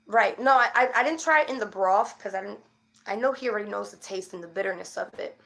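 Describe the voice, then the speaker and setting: A woman's voice: medium pitch, fast talker, gravelly, a bit bright. A woman chatting casually to camera as a vlogger, rambling with fillers and restarts, worried and frustrated.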